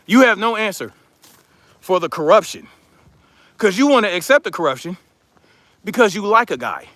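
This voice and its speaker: A man's voice: sits high, big pitch swings, moderate pace, pauses often, fairly bright tone, no echo. A man hosting a livestream who rants in a heated, profane, mocking way. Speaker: livestream commentary host. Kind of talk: casual livestream rant.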